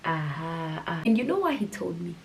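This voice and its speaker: Young woman, storytime vlog, chatty and animated, hushed whispers, light hiss. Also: lowish voice, moderate pace, creaky, poor audio. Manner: slips often into hushed whispers. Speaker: vlogger.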